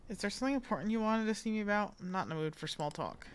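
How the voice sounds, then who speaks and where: A woman's voice: medium pitch, expressive, rapid-fire, clear, resonant tone, close to an everyday voice. A woman reading aloud the lines of a grumpy, overworked young female engineering consultant in a game, irritable and defensive.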